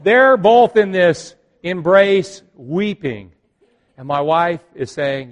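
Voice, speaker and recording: A male pastor telling a story in a sermon, swinging between loud and hushed and joking with the congregation. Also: high voice, slow. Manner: jokes with the congregation.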